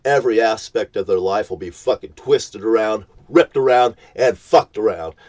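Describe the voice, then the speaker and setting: A man's voice: fairly low pitch, normal speed, darkish tone. A man ranting at the camera from his parked vehicle in a profane, threatening, preachy tone. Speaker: vlogger.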